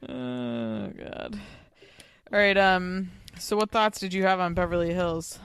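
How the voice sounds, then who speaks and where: A woman's voice: fairly low pitch, takes it slowly, a bit bright, smooth, no room sound, studio quality. A woman co-hosting a podcast who leads the topics in casual gossip chat, using many ums and likes. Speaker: podcast co-host.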